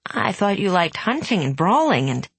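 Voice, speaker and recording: A woman reading the lines of a wry, bold young woman soldier in an audiobook, in a husky voice only a little higher than her narration. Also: very animated, normal speed, dry recording, exaggerated voice. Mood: teasing.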